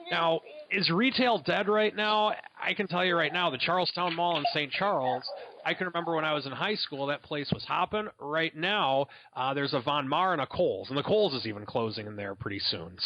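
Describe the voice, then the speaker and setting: A man chats about retail stocks, hedging his points with fillers. His voice sits a little high, and the lo-fi recording is dull with clear background noise. Occasional clicks cut through the sound. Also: sharp tone. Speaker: podcast co-host. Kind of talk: casual market talk.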